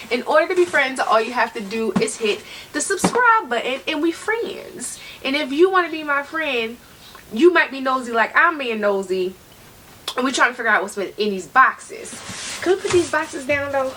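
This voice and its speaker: Chatty woman vlogger, distant mic. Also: high-pitched. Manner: chatty, playful, teasing. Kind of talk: casual chatty unboxing. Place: home. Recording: distant mic, noisy room.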